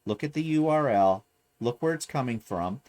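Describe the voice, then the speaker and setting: Man, casual vlog rant, sarcastic asides, very animated pitch. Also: normal speed. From Canada. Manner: exasperated, sarcastic ranting with asides. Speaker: vlogger.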